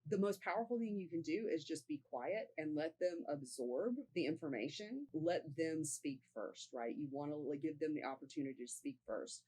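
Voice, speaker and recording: A woman's voice: sits low, animated, moderate pace, few pauses, warm tone, breathy edge, poor audio. A woman sales coach giving a casual tutorial to camera, talking conversationally and often checking in with "right?".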